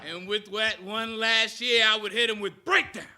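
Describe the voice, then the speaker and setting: A man's voice: high voice, steady tone, normal speed, heavy background noise. A man in his thirties giving a motivational speech to an audience, rousing them with call-and-response chants. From United States. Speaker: speaker.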